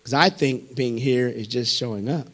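A man preaching a sermon as pastor, impassioned and building to shouts. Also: mid-range voice, normal speed.

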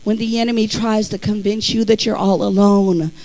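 Fervent high-voiced male preacher. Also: level tone, moderate pace, creaky, poor audio. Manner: fervent, with swings between soft speech and shouted climaxes. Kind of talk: sermon.

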